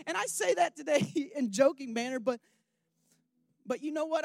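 A young man preaching a candid sermon, rambling with restarts and questions to his listeners, swinging from hushed emotion to loud rousing calls. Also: very high voice, lively intonation, normal speed, vocal fry, pauses often, dry recording.

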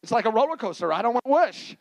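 A man preaching a sermon as pastor, animated and playful, acting out little scenes for the congregation. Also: very high-pitched, rapid-fire, gravelly, low-quality recording.

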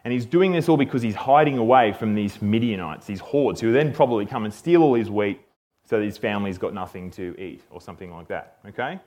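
A man teaching a Bible passage in a relaxed, conversational way, often checking in with "okay?". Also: fairly low pitch, brisk. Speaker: preacher.

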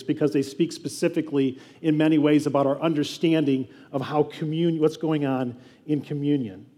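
Conversational preacher with a high voice. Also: male voice, darkish tone, long reverb tail. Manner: conversational preaching with asides and repeated restarts. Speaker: pastor. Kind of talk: sermon.

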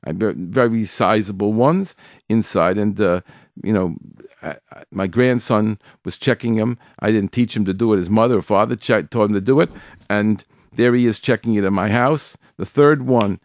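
A man's voice: fairly low pitch, moderate pace, no echo, clean studio sound. An older man hosting a radio show, explaining food-checking steps with frequent restarts and repeated key points. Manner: emphatic, stressing single words. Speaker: radio host giving kosher food guidance. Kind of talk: instructional radio talk.

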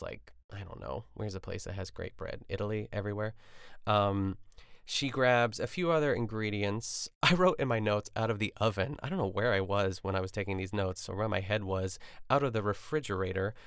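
A man's voice: fairly low pitch, vocal fry, a bit bright, clean tone, no room sound, clean studio sound. A young man hosting a podcast, chatting casually and rambling through a cooking show recap with lots of fillers and asides. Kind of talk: casual chat.

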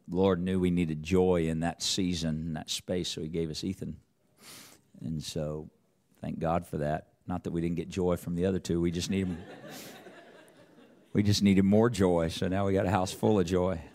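Man, middle-aged, preacher, rambling storytelling sermon, lowish voice. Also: little pitch movement, normal speed, mellow. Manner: rambling, restarts, rises in pitch and volume as the story builds.

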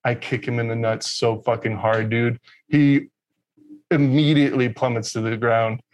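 A man's voice: mid-range voice, level tone, moderate pace, a little mellow. A man from Texas telling a story in casual conversation, rambling and profane, with lots of fillers.

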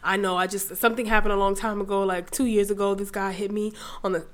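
A young woman from the New York area tells a story in a loose, profane podcast chat. She acts out every person she quotes and keeps the energy up. Her voice sits at a middle pitch. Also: fast talker. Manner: animated, swearing, mimics people in quotes.

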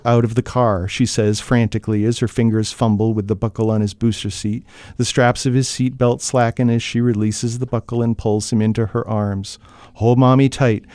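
Man from new england, author guest, theatrical reading, smooth clear voice, dry close sound. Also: lowish voice, dark tone, no echo. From New Hampshire. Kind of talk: dramatic reading, then interview talk.

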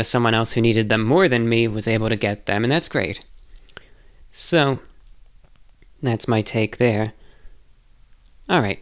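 Smooth-voiced man rambling thoughtfully. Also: lowish voice, fairly bright tone. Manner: rambling, hesitant, self-reflective. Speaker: vlogger answering viewer questions. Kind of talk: casual monologue.

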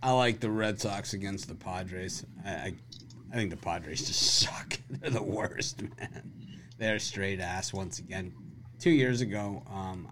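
A man's voice: sits low, noisy background. A man hosting a sports betting podcast, joking around, laughing often and giving blunt opinions. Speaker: podcast host. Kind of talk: casual sports betting chat.

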